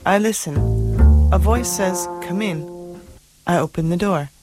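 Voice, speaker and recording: A woman playing a dreamer with a low voice over music. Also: measured pace, close to an everyday voice. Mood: dreamy. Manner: matter-of-fact storytelling. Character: adult woman telling her dream, indignant.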